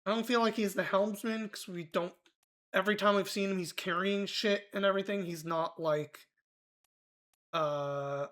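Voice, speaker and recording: A man's voice: high-pitched, fairly even intonation, moderate pace, a bit bright. A man streaming a mystery game, thinking aloud in loose, casual commentary with offhand swearing.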